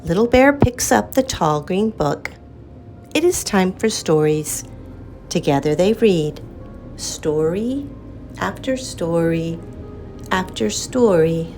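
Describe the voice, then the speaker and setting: Woman storyteller for kids: low, lively, unhurried, reading aloud over faint music. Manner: slow, lilting, expressive read-aloud. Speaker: children's storyteller. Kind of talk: reading a picture book aloud.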